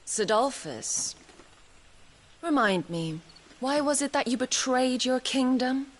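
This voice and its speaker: An actress playing a cruel, scheming woman commander in a video game, speaking slowly in a taunting, teasing way. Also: sits high, expressive, exaggerated voice. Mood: interrogating. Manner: slow, taunting, teasing delivery.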